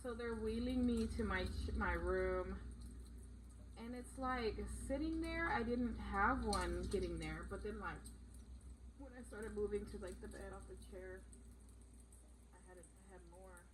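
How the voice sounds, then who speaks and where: A young woman casually retelling a story in a vlog, blunt and animated, swearing often. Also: medium pitch, a little slow, noisy background. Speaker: vlogger.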